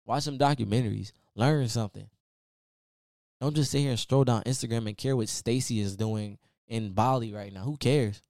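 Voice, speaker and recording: A man's voice: mid-range voice, normal speed, a little mellow, no echo, clean studio sound. A man hosting his own podcast, giving a casual, preachy motivational talk full of repeated "man" and "y'all.". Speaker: podcast host. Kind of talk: motivational solo podcast rant.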